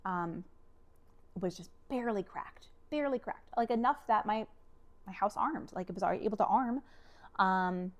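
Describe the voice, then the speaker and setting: A woman vlogger telling a personal story, animated and emotional, with many fillers and acted-out quotes. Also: medium pitch.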